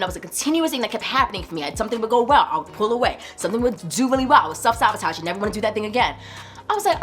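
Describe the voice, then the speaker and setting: Animated young woman telling a story. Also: racing, soft background music. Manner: animated, acts out quotes in a higher voice; casual, many likes and you knows. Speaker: YouTube creator. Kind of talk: personal storytelling vlog.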